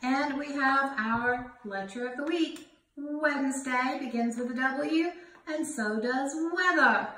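A woman teaching young children a phonics lesson in a slow, sing-song teacherly way, sounding out letters. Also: high voice, bright, forceful tone, slight background noise. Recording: roomy home recording from a distance.

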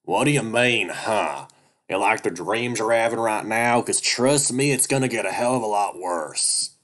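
A man voicing a hot-tempered, foul-mouthed male weasel thug in a read-aloud story, with a grating, nasal voice and constant yelling. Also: on the low side, normal speed, pitched above the performer's own voice, close to an everyday voice. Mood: snarling. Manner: yelling and cursing. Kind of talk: audiobook-style story reading.

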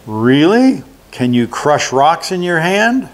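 A man's voice: a little high, sing-song, takes it slowly, pitched above the performer's own voice. An older man reading aloud gives voice to a clever, self-assured young hero who talks his way past goblins. The tone is bold and teasing, a little above the reader's own voice. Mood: defiant.

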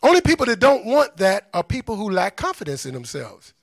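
A man's voice: sits high, wildly swooping pitch, fairly quick, dry recording, clean studio sound. A man giving an impassioned talk to an audience, blunt and scornful, firing off rhetorical questions in a preacherly cadence. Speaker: speaker on liberation.

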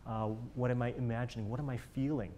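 A man's voice: mid-range voice, steady tone, quick pace, mellow, a little hiss or hum. A man coaching a chamber group in a master class, encouraging and jokey, singing musical phrases to show the players how they should sound.

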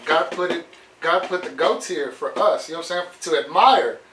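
A man's voice: on the high side, moderate pace, a bit bright, recorded from a distance. A man co-hosting a live stream, reading comments and joking casually, with lots of "you know what I'm saying". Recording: echoey room, voice off-mic, faint noise.

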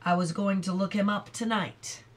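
A woman's voice: medium pitch, fairly even intonation, moderate pace, close to an everyday voice. A woman reading aloud who voices a plainspoken, kindly male sheriff in a matter-of-fact manner.

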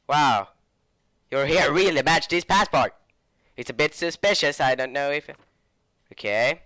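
A man's voice: fairly high pitch, measured pace, pauses often, bright, forceful tone, no room sound, studio quality. A young man with a sore throat, rambling through a joking let's play commentary. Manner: rambling, joking asides, self-interrupting. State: sore throat, a bit sick. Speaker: gaming channel host. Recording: game music playing behind.

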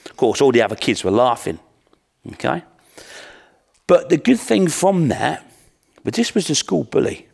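A man's voice: mid-range voice, sing-song, normal speed, gravelly, pauses often, darkish tone, breathy edge. A middle-aged man, a martial arts instructor giving an earnest, plain-spoken storytelling talk. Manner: earnest, plain-spoken, with repeated rhetorical questions.

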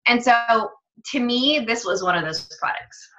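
Chatty woman with a bright voice. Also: on the high side, lively intonation, a little slow. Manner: chatty, rambling, corrects herself mid-sentence. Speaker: fitness coach. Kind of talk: casual storytelling monologue. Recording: dull lo-fi sound.

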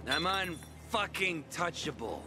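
A swaggering drunk brawler. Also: male voice, on the high side, lively intonation, slow pace. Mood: drunken. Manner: boozy, swaggering, profane. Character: rowdy, drunk male brawler, adult. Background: game music.

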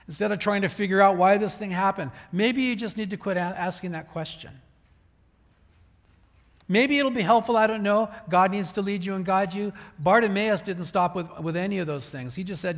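High-voiced pastor preaching in reverberant church hall. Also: male voice, normal speed. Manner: conversational preaching with restarts, acting out prayers. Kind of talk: sermon. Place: church sanctuary.

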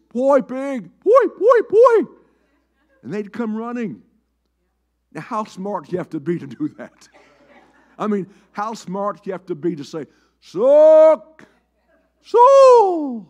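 Brief: older bishop in a church pulpit, folksy and lively, pitch rising and falling a lot. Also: male voice. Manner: folksy storytelling, repeats words, lively rises and drops. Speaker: bishop preaching. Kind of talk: sermon. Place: church sanctuary.

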